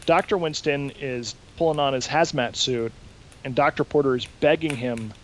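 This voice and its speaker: A man hosting a podcast, casually recapping a show in an animated way and swearing freely. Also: medium pitch, normal speed, a little hiss or hum, poor audio. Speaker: podcast host. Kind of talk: casual chat, recapping an episode.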